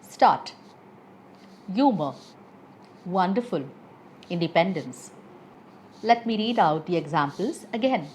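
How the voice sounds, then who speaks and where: Female teacher, slow and expressive, lesson on word stress. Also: mid-range voice, a little hiss or hum. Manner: slow, careful, reads example words twice. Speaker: English teacher. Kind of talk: pronunciation lesson.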